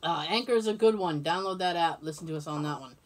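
With a lowish voice and a quick pace, a woman shares stories on the podcast she co-hosts. The chat is casual, and she's animated and quick to laugh.

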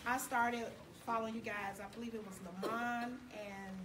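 A woman telling a group how she joined the activists, chatty and animated. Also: a little high, normal speed, background noise. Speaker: activist at a meet and greet. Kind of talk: introducing herself to a group. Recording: echoey room, mic far off, crowd behind.

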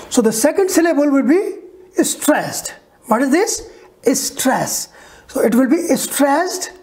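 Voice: medium pitch, a little mellow. An English teacher giving a recorded lesson, saying each example word twice and checking in with the listener.

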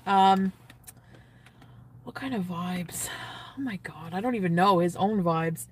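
A woman's voice: on the low side, slow, recorded from a distance, slight background noise. Giddy woman livestreaming from a car. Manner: giddy, gushing, reads and answers chat. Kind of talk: casual livestream chat. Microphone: phone.

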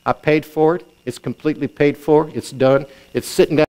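A male pastor preaching a sermon, telling a long example story and moving from quiet, confiding lines to raised, urgent exhortation. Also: steady tone, fairly quick. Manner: storytelling preacher, swings from low confiding tones to raised exclamations.

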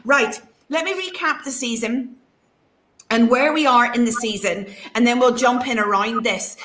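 A woman's voice: a little high, fairly even intonation, moderate pace, fairly bright tone, a little hiss or hum. A woman with a Northern Irish accent hosting a live ministry broadcast, chatting and laughing, then preaching with emphasis. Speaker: host, preacher.

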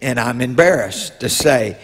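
A man, a bishop preaching a sermon as a personal story, telling it slowly with drawn-out pauses and rising to loud emotional peaks. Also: medium pitch, lively intonation. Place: church sanctuary. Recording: long reverb in a church hall.

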